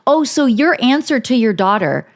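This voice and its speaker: A woman's voice: on the high side, very animated, moderate pace. A woman co-hosting a podcast, ranting in a heated, profane casual chat. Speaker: podcast co-host.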